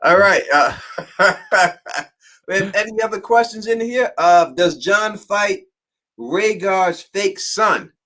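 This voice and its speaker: Casting: bright, higher-pitched American male host, loose and jokey. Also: takes it slowly. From United States. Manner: loose, laughing, swears casually. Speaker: podcast host. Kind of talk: casual livestream chat.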